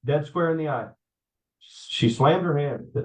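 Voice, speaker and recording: A man telling a halting personal story. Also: a little high. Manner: halting, frequent fillers and repeats. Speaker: guest. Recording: slightly dull audio.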